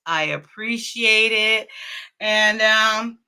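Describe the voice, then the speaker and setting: A woman's voice: on the high side, very slow, pushed and bright, clean tone. A middle-aged woman hosting a casual livestream, chatting and greeting viewers by name with frequent laughs. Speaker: livestream host.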